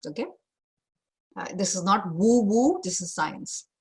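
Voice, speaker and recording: A woman's voice: mid-range voice, lively intonation, measured pace, darkish tone, breathy edge. A woman career coach giving an online masterclass over a video call, direct and emphatic, stressing her key points more than once.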